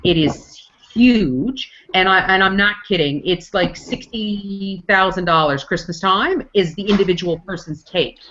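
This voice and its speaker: A woman's voice: mid-range voice, a little slow, a bit bright. Emphatic woman on a muffled call. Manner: emphatic, repeats herself. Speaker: panelist. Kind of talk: casual panel chat. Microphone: video call. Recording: dull lo-fi web call audio.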